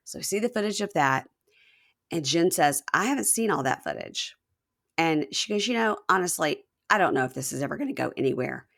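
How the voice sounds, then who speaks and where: A woman podcast host chatting casually, acting out quotes from a reality show. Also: moderate pace. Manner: animated, acts out quotes with raised pitch.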